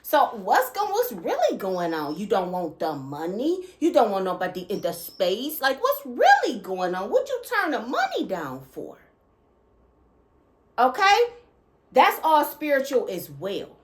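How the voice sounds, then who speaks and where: A woman's voice: medium pitch, huge pitch swings, measured pace, echoey room. A woman hosting her own channel, delivering an emphatic spiritual message, repeating phrases and checking in with "okay?". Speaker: channel host.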